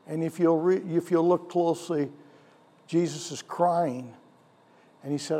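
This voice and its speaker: A male pastor preaching a sermon, animated, with rhetorical questions and chuckles, in a church. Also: on the high side, a little slow. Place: church sanctuary. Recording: long church hall reverb.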